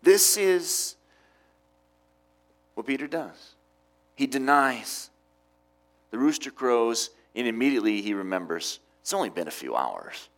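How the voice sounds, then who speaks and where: A middle-aged man preaching a sermon, with emphatic rises and quiet drops. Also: medium pitch, big pitch swings, a little slow, pauses often. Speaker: pastor.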